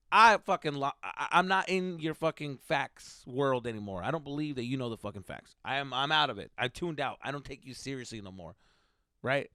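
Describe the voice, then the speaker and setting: A man hosting a comedy podcast, ranting heatedly with constant swearing, swinging between loud outbursts and mutters. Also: mid-range voice, no echo, clean studio sound. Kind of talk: profane comedic rant.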